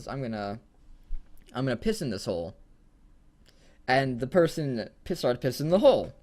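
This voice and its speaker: A young man co-hosting a casual podcast, rambling and laughing, swearing freely. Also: a little high. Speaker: podcast co-host. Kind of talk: casual chat.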